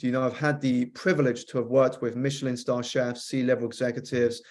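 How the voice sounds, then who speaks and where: Man, interview guest, mid-pitched voice, measured, reflective, lists things off, frequent uh's. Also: little pitch movement, darkish tone. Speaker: coach and author, podcast guest. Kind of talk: interview storytelling.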